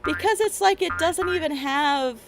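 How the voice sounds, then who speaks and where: Gravelly-voiced chatty woman streamer. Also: very high voice, moderate pace, low-quality recording. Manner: rambling, chatty, laughs often. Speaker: game streamer. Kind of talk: casual chat while gaming. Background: game music.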